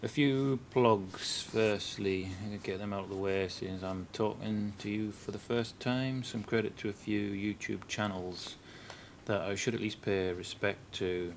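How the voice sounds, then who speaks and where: A man's voice: on the low side, fairly even intonation, unhurried, vocal fry, a little hiss or hum. A man with a northern English accent giving casual commentary for a game guide, hesitant and a bit nervous, with many ums and uhs. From northern England. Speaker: video game guide maker. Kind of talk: casual first-time commentary.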